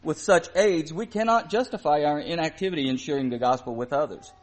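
A man preaching a sermon, reading scripture aloud with slow emphasis and sometimes correcting himself. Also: fairly high pitch. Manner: plain, earnest delivery with occasional verbal slips.

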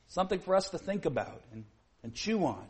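A man's voice: sits high, sing-song, a little fast, a little mellow. A man preaching a sermon to his congregation, earnest, often saying "you see", sometimes building to emphatic peaks.

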